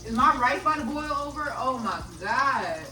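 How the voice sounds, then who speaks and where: A woman's voice: sits high, lively intonation, normal speed, music in the background. Chatty young woman, far from the mic. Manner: chatty, profane, jokey self-narration. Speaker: vlogger. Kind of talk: casual cooking vlog. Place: home kitchen. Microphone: phone on a charger, away from the stove.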